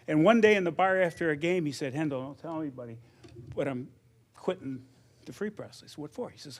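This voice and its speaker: An older man giving an anecdotal acceptance speech, telling his story conversationally and acting out quoted dialogue. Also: fairly high pitch. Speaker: hall of fame inductee.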